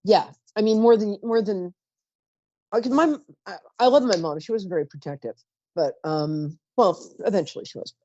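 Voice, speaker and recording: A woman's voice: mid-range voice, normal speed, mellow, no room sound, dull audio. A woman hosting a live call-in psychic reading show, chatty and rambling, often trailing off mid-sentence. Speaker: psychic radio host.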